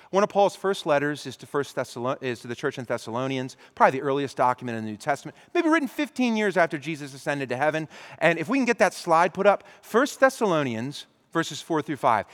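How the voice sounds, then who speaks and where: A pastor preaching a sermon, acting out imagined conversations with lively, animated delivery. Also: male voice, fairly high pitch, in a large hall. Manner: animated, acts out imagined dialogue. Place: church.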